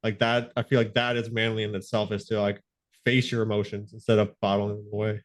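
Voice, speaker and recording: A man's voice: on the low side, little pitch movement, brisk. A man hosting a podcast, talking reflectively in casual conversation and leaning often on "like" as filler. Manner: reflective, leans heavily on "like" as filler. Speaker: podcast host.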